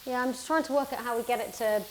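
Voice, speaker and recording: A woman's voice: on the high side, fairly even intonation. A young woman, a company founder, chatting casually and upbeat while cooking in a home kitchen. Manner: chatty, upbeat, quick asides.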